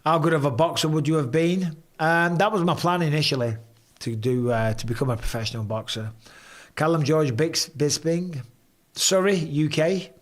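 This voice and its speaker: A man hosting a casual live stream from home, chatting and reading viewer comments aloud with quick banter. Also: on the high side.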